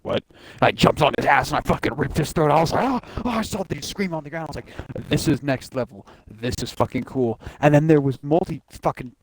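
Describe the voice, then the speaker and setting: A young man hosting a casual podcast, talking excitedly and swearing often, acting out game scenes in quick voices. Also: fairly high pitch. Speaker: podcast host. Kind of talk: casual chat.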